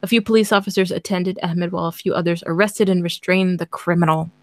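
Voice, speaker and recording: A woman's voice: fairly low pitch, steady tone, quick pace, no room sound. A woman host reading a story aloud in casual chat, breaking off into sarcastic, laughing commentary.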